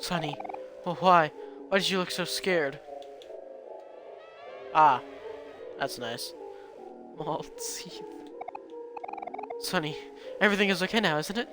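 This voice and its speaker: A man's voice: on the high side, expressive, slow pace, pauses often, music in the background. A man reading as a fragile anxious boy. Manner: reads game dialogue aloud, repeats lines. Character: anxious, fragile teenage boy, clingy and uneasy. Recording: noisy recording.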